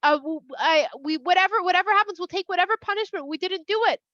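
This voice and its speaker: A woman's voice: very high voice, fast talker, sharp tone, no room sound, muffled recording, pitched above the performer's own voice. A woman voicing a group of frightened brothers, pleading and stammering.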